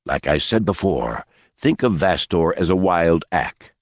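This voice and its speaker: A cool, commanding warrior general, played by a male narrator. He speaks low and measured in clipped orders, with a dry close sound. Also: animated, no echo. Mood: stern calm.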